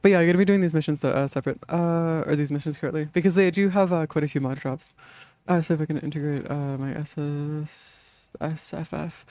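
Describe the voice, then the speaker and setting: A man's voice: a little high, steady tone, fairly quick, darkish tone, no room sound. A young man streaming a game in casual chat, rambling with many fillers, swearing and laughing often.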